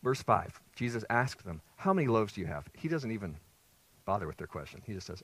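Animated man preaching a sermon. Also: fairly low pitch, fairly quick, slightly rough, no echo, low-quality recording. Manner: lively, conversational preaching with rhetorical questions. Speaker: pastor. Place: church sanctuary with congregation.

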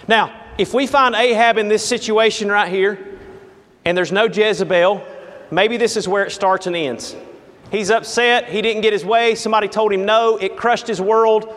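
A man's voice: high-pitched, fairly even intonation, normal speed, fairly bright tone. A man preaching a sermon, telling the story dramatically and emphatically. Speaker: pastor. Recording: echoey hall.

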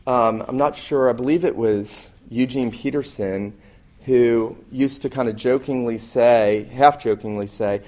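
A man's voice: mid-range voice, unhurried, a little mellow. A man preaching as a pastor, earnest and emphatic, often restarting his phrases as he builds a point. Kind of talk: sermon.

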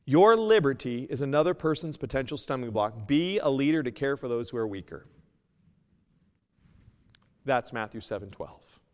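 A man preaching a sermon as pastor, earnest, moving between loud emphasis and a quiet plea. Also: mid-range voice, animated, moderate pace, long pauses, big-room sound. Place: church sanctuary.

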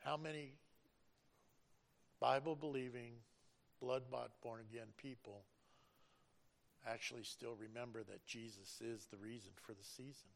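A middle-aged man speaks in a gravelly voice. His tone is earnest and preacherly as he gives a personal testimony. At times his feeling breaks through. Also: mid-range voice, steady tone, a little slow, long pauses. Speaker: school bus driver.

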